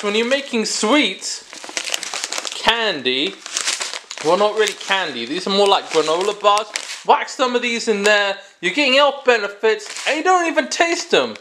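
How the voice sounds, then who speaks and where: A man hosting a comic product-review vlog, rambling with jokey asides and quick self-corrections. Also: high-pitched, background noise.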